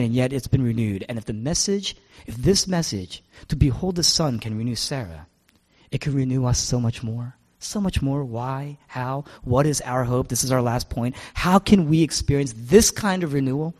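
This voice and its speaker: A man's voice: a little high, in a large hall. A male pastor preaching a sermon, asking rhetorical questions and repeating his key phrases.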